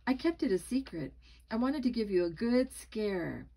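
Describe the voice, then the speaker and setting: A woman voicing a teenage boy who gloats over a prank, with a slightly gravelly voice. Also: a little high, very animated, normal speed, dark tone, exaggerated voice. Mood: boastful. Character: teenage boy pranking friends in a creepy mask.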